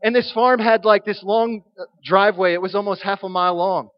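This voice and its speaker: A man preaching a sermon, telling a humorous story in an animated way. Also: high voice, fairly quick, dull audio.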